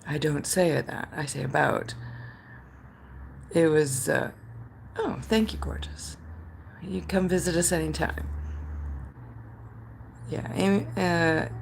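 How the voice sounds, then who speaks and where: A Canadian woman hosts a livestream, chatting with viewers in a rambling, filler-heavy way and reading out and replying to chat comments. Her fairly low voice is unhurried and fairly even, with vocal fry and frequent pauses, over a little hiss or hum.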